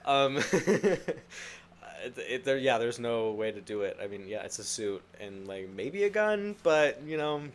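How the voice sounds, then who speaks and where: A man co-hosting a podcast in casual chat, playful and teasing, quick to laugh. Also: medium pitch, sing-song. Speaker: podcast co-host.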